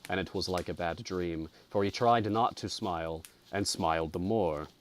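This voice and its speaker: A male storyteller reading a ghost story in a slow, deliberate, atmospheric way. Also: low-pitched. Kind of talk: scripted narration of a ghost story.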